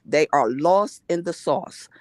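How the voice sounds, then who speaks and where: A woman's voice: sits low, expressive, slow pace, no echo, studio quality. A woman co-hosting a casual recap chat, blunt and opinionated. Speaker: co-host.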